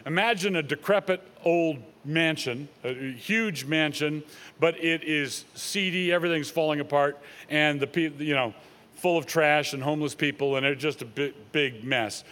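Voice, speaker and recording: Male pastor, slightly higher voice, earnest expository sermon delivery quoting scripture. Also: moderate pace, a bit bright.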